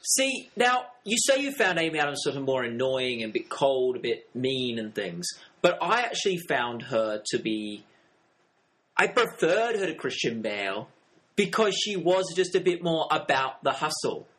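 A man's voice: medium pitch, very animated, normal speed, fairly bright tone, poor audio. A man co-hosting a film podcast, chatting casually and playfully, laughing often. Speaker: podcast co-host.

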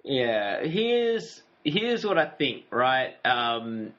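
A man's voice: medium pitch, sing-song, very slow, a bit bright. Chatty, laughing man on a podcast. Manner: laughs often, rambling and chatty. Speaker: podcast co-host. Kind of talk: casual recap chat. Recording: dull lo-fi audio.

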